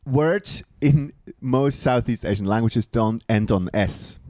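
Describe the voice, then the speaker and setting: A man co-hosting a casual comedy podcast, telling profane stories with animated energy. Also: medium pitch, slow pace, dry recording, clean studio sound. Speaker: podcast co-host. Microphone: studio podcast mic.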